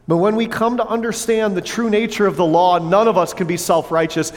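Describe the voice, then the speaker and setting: A pastor preaching a sermon in a church, earnest but breaking into playful asides to the congregation on a wireless mic. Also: male voice, sits high, fairly even intonation, fairly quick, hardly any pauses. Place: church sanctuary. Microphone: wireless headset or lapel mic with battery pack. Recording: long church hall reverb.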